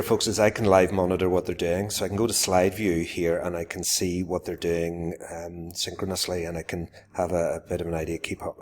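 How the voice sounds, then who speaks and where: A man, a teacher giving a live classroom demonstration, explaining to viewers and turning to address his pupils directly. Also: sits low. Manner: explains to viewers, then calls out warmly to pupils.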